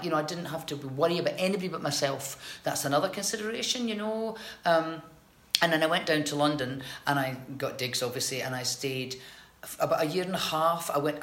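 A middle-aged Scottish woman, an actress, chatting in an interview and telling stories in a lively way full of restarts. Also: extremely low pitch. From Scotland. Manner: chatty, animated storytelling with many restarts. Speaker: actress guest. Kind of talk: casual interview chat. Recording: roomy echoey recording.

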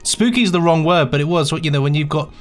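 A man's voice: a little high, quick pace, faint music behind. A man co-hosting a podcast and recalling studio sessions as the engineer, talking in a chatty way with many restarts. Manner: chatty, stumbling restarts, laughs easily. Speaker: podcast co-host and sound engineer. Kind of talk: casual chat.

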